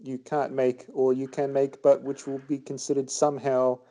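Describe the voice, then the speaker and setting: A man co-hosting a podcast in casual chat, measured and hedging with many fillers. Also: medium pitch, monotone, warm tone. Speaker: podcast co-host.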